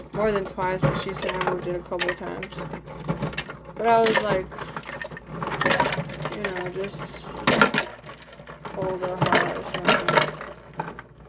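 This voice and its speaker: Blunt young woman venting at home. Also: mid-range voice. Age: young adult. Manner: blunt, frustrated, swears freely. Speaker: vlogger. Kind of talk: candid personal vlog. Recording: noticeable background noise.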